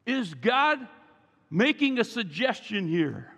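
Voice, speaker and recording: A man's voice: high voice, very animated, slow, a bit bright, slightly rough. A male pastor preaching a sermon with emphasis and calling the congregation to repeat after him. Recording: long reverb from a large hall.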